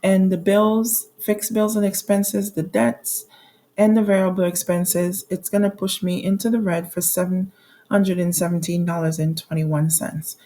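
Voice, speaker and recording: A woman's voice: on the low side, flat delivery, a little slow, dark tone. A woman in her forties talking candidly through her monthly bills, reading out amounts and laughing at her own troubles. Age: 40s. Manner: reads out bill amounts with frequent restarts and fillers. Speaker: budgeting vlogger. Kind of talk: casual budget walkthrough.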